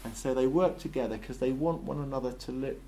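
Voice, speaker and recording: A man's voice: medium pitch, brisk, dark tone, slight background noise. A man preaching a sermon in a conversational way, often acting out short dialogues between characters.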